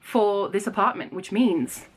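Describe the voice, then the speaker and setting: A woman booktuber chatting casually in a vlog, bubbly and quick to exclaim. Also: medium pitch, a little hiss or hum.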